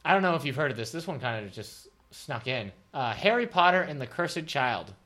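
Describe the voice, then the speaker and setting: A man co-hosts a casual chat and reads book blurbs aloud with jokey, playful emphasis. His voice sits in a middle pitch but swings up and down a lot as he talks. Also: sing-song, brisk, pushed and bright. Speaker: podcast co-host.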